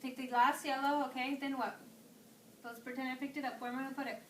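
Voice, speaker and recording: A woman teacher with a high voice leads a class, asking questions and praising answers. She is recorded from across an echoey classroom. Background noise is clearly audible. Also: flat delivery, quick pace, a bit bright, recorded from a distance. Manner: encouraging, questioning, praising students.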